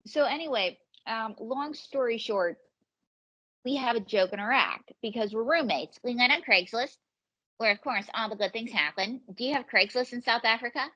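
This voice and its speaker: A woman comedian spinning comic, rambling stories as a podcast guest. Her voice is bright and a touch high, and the recording sounds dull and lo-fi. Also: normal speed. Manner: rambling, jokey anecdotes. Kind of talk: comic storytelling in a podcast interview.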